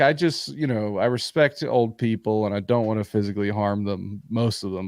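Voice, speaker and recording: A man hosting a comedy podcast, telling a story in a profane, animated, ranting way. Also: lowish voice, no echo, studio quality. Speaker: podcast host.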